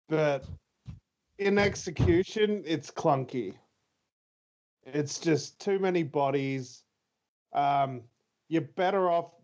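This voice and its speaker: An Australian man co-hosts a casual podcast chat, rambling along with plenty of fillers and easy laughter. His voice sits at a medium pitch and sounds a little mellow. The lo-fi recording is slightly dull.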